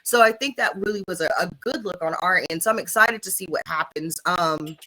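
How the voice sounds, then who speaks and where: A woman's voice: lowish voice, a little fast, pushed and bright, poor audio. Candid woman in casual sports chat. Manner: candid and emphatic, frequent "like" and "right?", swears casually. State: has the hiccups. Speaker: sports podcast co-host.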